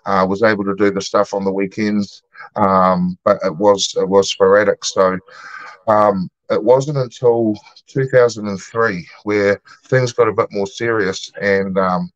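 A man's voice: fairly low pitch, steady tone, a little slow, no echo. A man, a guest telling his story in a casual interview, easygoing and rambling with many ums and uhs. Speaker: guest, martial arts gym founder. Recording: dull lo-fi dry sound.

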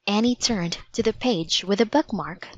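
A woman reading a children's storybook aloud in a gentle, measured way. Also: mid-range voice, dry recording. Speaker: narrator. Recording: dry, slightly dull audiobook recording.

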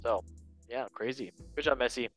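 A young man hosts a casual football chat show in a chatty, playful way. He reads memes aloud and laughs at his own jokes. His pitch sits in an ordinary middle range, with faint music playing behind him. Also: moderate pace, fairly bright tone. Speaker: podcast host.

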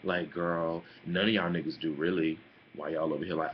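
Young male vlogger, deep voice, sassy and animated, muffled home mic with faint hiss. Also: a little fast. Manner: sassy, animated, calls listeners honey and girl. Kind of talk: casual opinion vlog.

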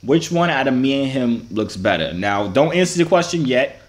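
A man's voice: mid-range voice, big pitch swings, normal speed. A young man hosting a video, joking and teasing strangers on a video chat app. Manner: teasing, playful trash talk. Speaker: YouTuber host. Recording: noisy background.

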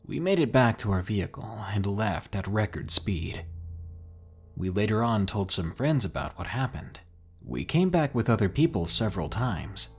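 A man narrating scary stories in a dramatic, drawn-out way, pausing for suspense. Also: fairly low pitch, slightly rough. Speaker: horror story narrator. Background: faint music.

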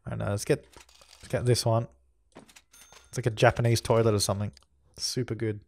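A man's voice: fairly low pitch, little pitch movement, a little fast, creaky, a little mellow. A man hosting a let's play, chatting casually and giving orders to the characters on screen as he plays. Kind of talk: casual gameplay commentary.

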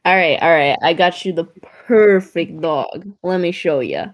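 A slow, coaxing female dealer with a creepy edge, as a woman puts her on at the game table, in a mock accent that keeps slipping. She drawls each offer out, low and persuasive. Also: expressive, no room sound. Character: female mystic dealer, smooth-talking and creepy.

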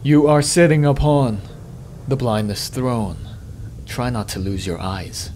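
A man hosting a let's play, reading game text aloud in a measured, dramatic way and adding his own commentary. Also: a little mellow, a little hiss or hum. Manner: measured dramatic reading, dropping low and slow on ominous lines.

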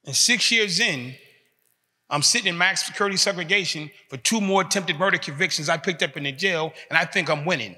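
A man in his fifties with a high, bright voice gives a motivational talk to prisoners, speaking a little fast. He tells his story emphatically, leaning on short repeated phrases, and his voice rings with a long echo through a large hall.

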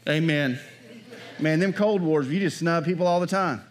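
A pastor preaching a sermon in a conversational way, often checking in with the congregation by asking "Amen?" and "right?". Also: male voice, a little high, moderate pace.

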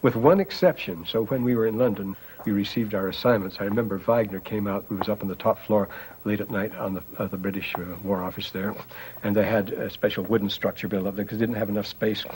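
A man's voice: lowish voice, fast, a little hiss or hum, low-quality recording. An older man animatedly recounting his wartime memories in an interview, chuckling as he tells them. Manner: animated storyteller, chuckles while talking. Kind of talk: reminiscing war stories. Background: music score.

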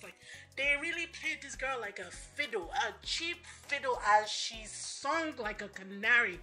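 A woman's voice: fairly high pitch, faint music behind. Chatty woman recapping a reality show. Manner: animated, fast storytelling with fillers and acted quotes. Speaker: recap vlogger.

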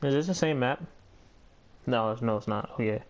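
A man's voice: medium pitch, normal speed. A man giving casual, profane gameplay commentary, muttering to himself and running himself down as he plays. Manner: muttering, profane, self-critical. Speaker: gamer and channel host. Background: background music.

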